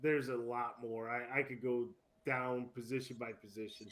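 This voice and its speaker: A man co-hosting a casual sports podcast, talking with animated swings, repeating words and laughing at his own jokes. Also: medium pitch, normal speed. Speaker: podcast co-host.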